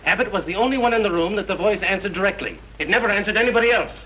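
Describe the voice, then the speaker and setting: A fast-talking, accusing sleuth. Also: male voice, high voice, lively intonation, bright, forceful tone. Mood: urgent. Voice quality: urgent, accusing, rapid. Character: sharp-witted young man exposing the killer. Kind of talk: 1930s film acting. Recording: dull, hissy 1930s film soundtrack.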